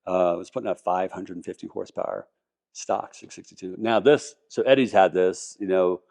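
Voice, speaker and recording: An enthusiastic man with a somewhat low voice, chatting as a podcast guest. He rambles, restarts his sentences and piles on details. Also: steady tone, normal speed, gravelly, a little mellow. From Colorado, US. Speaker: podcast guest, car collector. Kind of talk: casual interview talk.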